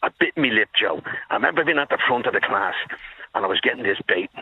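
A man's voice: on the low side, lively intonation, quick pace, breathy edge, no room sound. A man in his sixties with a Dublin accent, calling in to a radio show and telling a story emphatically while addressing the host by name. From Dublin, Ireland. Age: 60s. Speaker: caller. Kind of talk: phone-in storytelling. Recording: tinny phone line.

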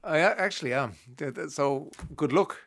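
Brief: male radio host, a touch high-pitched, quick to laugh, trips over words. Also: lively intonation, gravelly, a little hiss or hum. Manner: warm-hearted, laughs easily, stumbles on words. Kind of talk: radio interview.

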